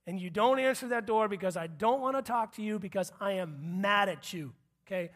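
A preacher in easygoing, chatty sermon mode who keeps checking in with the listeners. The voice sits at an ordinary middle pitch and shifts freely when acting out the people in the story. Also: fairly quick, a bit bright. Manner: conversational, checks in with the audience, acts out quotes.

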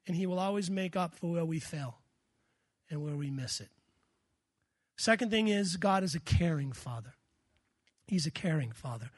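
A man preaching a sermon, telling a story with lively quoted voices. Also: high-pitched, no room sound, studio quality. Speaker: pastor.

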